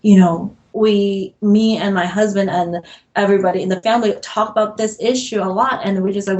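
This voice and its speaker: A woman's voice: mid-range voice, steady tone, moderate pace, darkish tone, a little hiss or hum, rough recording. A middle-aged woman speaking candidly as a podcast guest, earnest and emotional, laughing often between admissions of self-doubt. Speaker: podcast guest, real estate broker. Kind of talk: candid interview conversation.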